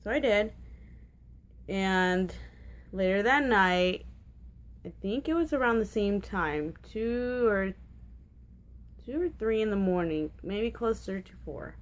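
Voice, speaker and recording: A woman's voice: mid-range voice, animated, takes it slowly, long pauses. A woman in her twenties telling a personal story in a casual vlog, rambling and candid, full of fillers and restarts and prone to giggling. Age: 20s. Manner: candid and giggly about awkward details. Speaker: vlogger.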